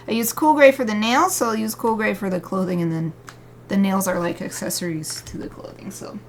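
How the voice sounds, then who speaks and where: During her drawing live stream, a woman artist chats with viewers and explains every coloring step. Her voice is mid-range, with a bit of hiss or hum behind it, and her manner is upbeat and chatty, full of warm greetings and frequent laughter.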